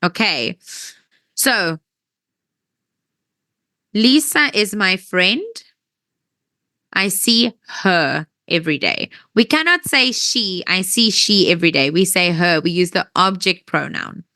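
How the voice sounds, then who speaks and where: Slow, bright-voiced woman teaching grammar. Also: mid-range voice, big pitch swings, dry recording. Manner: slow, patient, checks understanding often. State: voice tiring, clears throat. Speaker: English teacher. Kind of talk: classroom grammar lesson. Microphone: wears headphones.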